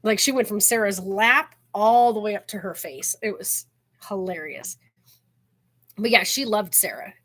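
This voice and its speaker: A woman's voice: medium pitch, unhurried, fairly bright tone. A woman hosting her own channel, telling stories in a casual chat and filling her sentences with "like". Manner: chatty storyteller, heavy use of "like", laughs while telling. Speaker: channel host.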